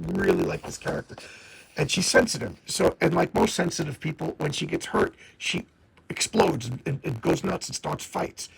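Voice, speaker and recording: A man's voice: on the high side, creaky, husky, low-quality recording. A man casually reviewing a comic book, enthusiastic and often stammering and repeating words.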